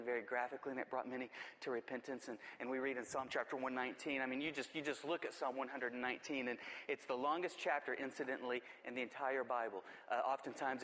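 A man's voice: medium pitch, long reverb tail. A man preaching a sermon with impassioned, repetitive emphasis that builds in force. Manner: impassioned, repetitive emphasis, rising to near shouting.

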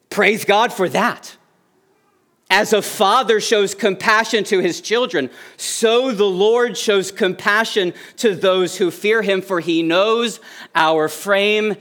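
A middle-aged male pastor preaching with a notably high, light voice. He delivers the sermon earnestly, lifting his voice to stress key phrases. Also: fairly bright tone.

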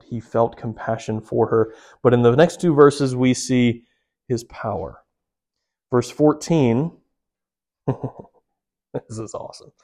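Male pastor preaching, earnest, asks the crowd stuff directly, mid-pitch voice. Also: darkish tone. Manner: earnest, questions the listeners directly. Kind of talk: sermon.

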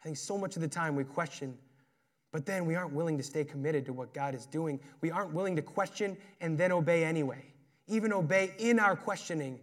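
Brief: male pastor, casual earnest sermon delivery, slightly higher pitch, dips soft then builds. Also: brisk. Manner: conversational, earnest, shifting between emphatic and quiet.

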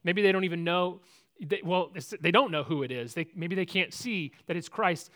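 A man preaching a sermon, telling a Bible story with big swings between loud and hushed, often repeating words and restarting sentences. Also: sits high, normal speed. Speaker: pastor.

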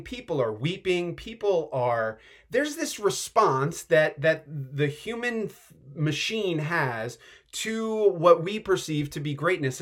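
Excitable pastor guy, chatty sermon, lots of "like", voice jumps all over. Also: a little high. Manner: animated, chatty, excitable, uses filler "like". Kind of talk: conversational sermon.

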